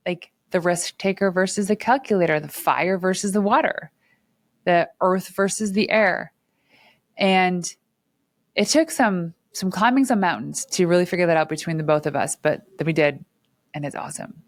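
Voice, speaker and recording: A woman's voice: fairly low pitch, normal speed, no echo. A woman in her forties, an entrepreneur talking candidly to camera from her studio and acting out bits of dialogue. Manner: candid and animated, acts out quoted dialogue with laughs. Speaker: entrepreneur and channel host. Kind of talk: casual talk to camera.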